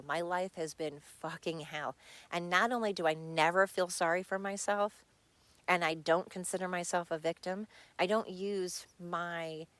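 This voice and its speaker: A woman's voice: lowish voice, fairly bright tone, no echo. A middle-aged woman hosting a podcast from home, talking bluntly and with frustration in a personal monologue, swearing freely. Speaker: podcast host. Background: dog nearby.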